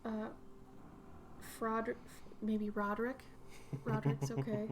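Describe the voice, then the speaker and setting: A woman's voice: mid-range voice, lively intonation, unhurried, slight background noise. A young adult woman streaming her art, chatting casually in a playful, rambling way while she draws. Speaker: artist streamer. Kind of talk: casual chat while drawing.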